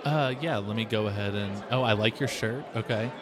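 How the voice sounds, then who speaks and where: A man performing improvised comedy in a dry, teasing, deadpan way. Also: fairly low pitch, a little fast, music in the background.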